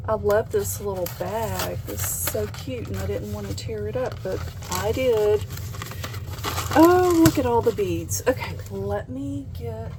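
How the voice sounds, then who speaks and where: A woman hosting a craft vlog, gushing with excitement in a casual chat as she unboxes things. She speaks at an unhurried pace, with a clear hum of background noise in her home room. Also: mid-range voice. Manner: gushing, excited, gasps and laughs often. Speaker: craft channel host.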